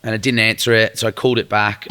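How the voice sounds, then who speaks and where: A man's voice: fairly low pitch, level tone, fast talker, pushed and bright, clean tone. A young man telling a rambling story in a casual podcast chat, swearing freely and using lots of fillers. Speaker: guest musician.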